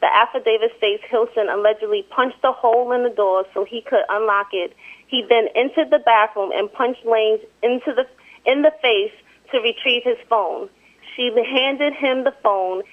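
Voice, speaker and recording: A soft-spoken woman chatting as a guest and reading a news story aloud. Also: a little high, fairly even intonation, moderate pace. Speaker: show guest and co-host. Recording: tinny phone-line sound.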